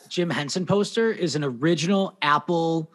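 Middle-aged male host, casual and chatty, a touch higher-pitched than most men, animated storyteller. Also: moderate pace. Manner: chatty storyteller, acts out quoted voices. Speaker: podcast host. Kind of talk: casual interview chat.

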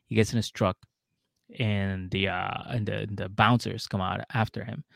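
A man co-hosting a comedy podcast, telling a story in casual chat. He acts out the people in it with loud, high outbursts and swears a lot. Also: normal speed, gravelly, no echo, studio quality. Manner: animated, acts out drunk characters in loud outbursts, heavy swearing. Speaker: podcast co-host.

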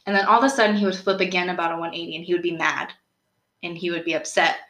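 A young woman hosting a podcast, telling a true-crime story in a casual, animated way, full of "like" and questions put to her co-host. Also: fairly low pitch, very fast. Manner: chatty, animated, lots of "like" and rhetorical questions. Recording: roomy echo.

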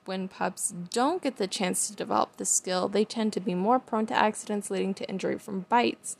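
A woman's voice: medium pitch, creaky. A young woman, a dog trainer, hosting a casual educational vlog in a chatty, emphatic way. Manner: chatty and emphatic, laughs mid-sentence.

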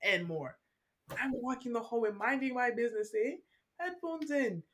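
A woman's voice: on the high side, normal speed. Young girl telling school stories, swears, acts out what people said. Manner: animated storytelling with acted-out quotes, profane. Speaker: podcast co-host. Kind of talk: casual chat.

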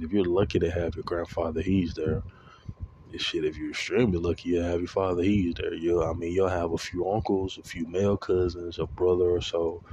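A man's voice: low-pitched, a little mellow, dull audio, slight background noise. A man telling a story in a casual, rambling monologue, with lots of swearing and fillers. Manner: rambling, profane, heavy with fillers. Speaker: vlogger.

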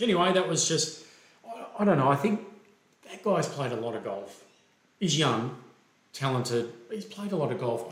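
Australian man telling a golf story, echoey. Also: medium pitch. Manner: animated, acts out quoted dialogue. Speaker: golf referee and podcast co-host. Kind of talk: casual storytelling.

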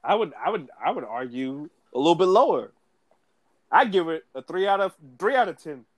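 A man co-hosting a casual wrestling podcast, talking in animated slang and laughing often. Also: a little high, a little fast, no room sound. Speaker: podcast co-host.

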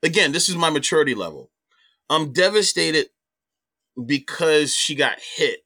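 A middle-aged man, a comedian guest, telling a personal story in animated, profane casual talk. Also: fairly high pitch, normal speed.

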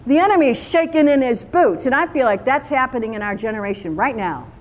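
A woman's voice: a little high, lively intonation, quick pace. A woman preaching a sermon in a conversational, emphatic way, full of rhetorical questions.

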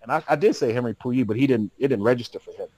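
A man in the middle of a casual story, talking in loose slang and laughing as he goes. His voice sits at an ordinary middle pitch. The sound is dry and close, with no room echo. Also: very fast, a little mellow. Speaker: podcast guest.

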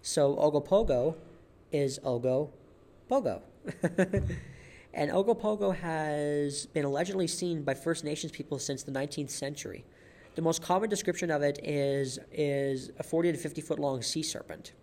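Fairly high in pitch with a darkish tone and a normal pace, a man hosts a solo podcast, telling facts in a relaxed style. He keeps stumbling, restarting his sentences and repeating words, and chuckles at his own jokes.

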